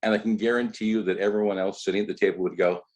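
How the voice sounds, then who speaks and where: A man's voice: lowish voice, steady tone, rapid-fire, darkish tone. A man hosting a casual talk show, reacting to his co-hosts and passing the conversation along. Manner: conversational, hands the floor to co-hosts. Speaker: podcast host. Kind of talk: casual discussion.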